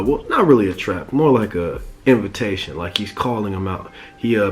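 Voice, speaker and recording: A man recaps a cartoon episode in loose, profane street slang, rambling from one scene to the next. His voice sits fairly low. He talks as a casual reviewer chatting to viewers. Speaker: show reviewer.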